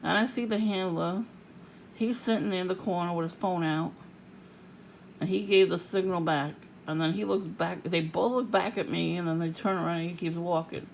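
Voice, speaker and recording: A woman ranting angrily to camera, swearing constantly and jumping to shouts and mocking sing-song. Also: fairly low pitch, steady tone, moderate pace, creaky, a little hiss or hum, poor audio. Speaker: vlogger. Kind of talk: angry profane rant to camera.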